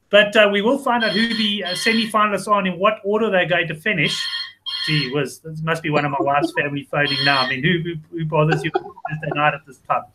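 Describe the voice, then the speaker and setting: A man's voice: on the high side, fairly quick, background noise. A man hosting a casual sports betting chat show, chatty and rambling with frequent restarts. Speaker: host.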